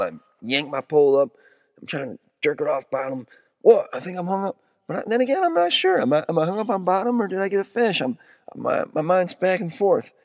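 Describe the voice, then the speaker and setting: A man hosting a podcast, telling a rambling outdoor story casually, with restarts and self-corrections, and sudden jumps to excited highs. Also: vocal fry, no room sound, studio quality.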